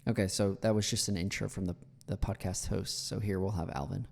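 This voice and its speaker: Mellow-voiced American man in a reverberant room. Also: on the low side, little pitch movement, a little fast, creaky. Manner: chatty, many fillers, repeats words for analysis. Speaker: English teacher. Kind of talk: critiquing a speech clip.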